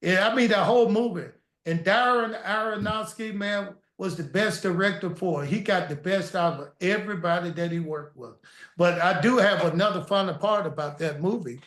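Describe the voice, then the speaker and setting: A man with a high voice tells his stories in an animated, lively way and slips into the voices of the people he quotes. The recording has a roomy echo. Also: normal speed. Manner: animated storytelling, acts out quoted dialogue. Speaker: guest storyteller. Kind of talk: casual interview chat. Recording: echoey room.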